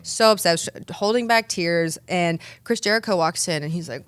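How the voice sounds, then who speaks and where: A woman's voice: on the low side, steady tone, fast, few pauses, no room sound. A woman in her thirties, a guest in an interview, telling stories in a chatty, upbeat way with frequent restarts. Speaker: pro wrestler and dentist guest. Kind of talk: casual interview answers.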